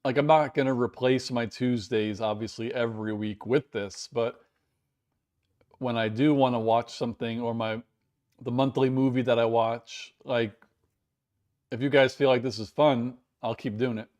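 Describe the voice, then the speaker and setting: A man's voice: medium pitch, steady tone, normal speed, a little mellow. American guy rambling on his live stream, chatty, pokes fun at himself, medium voice. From United States. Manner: rambling, chatty, self-deprecating. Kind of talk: casual live-stream chat reading viewer comments.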